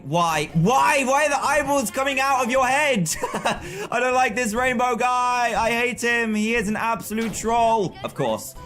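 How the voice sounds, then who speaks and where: A man streaming live gameplay with excitable, frustrated commentary, often yelling at the game. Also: sits high.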